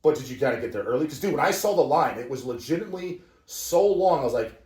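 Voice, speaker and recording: A man around forty rants and tells stories in a loose, profane, excitable way, with a voice of ordinary middle pitch. He is recorded in a roomy space with a noticeable echo. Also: fast. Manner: profane, excitable ranting storyteller. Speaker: podcast host. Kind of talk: casual chat.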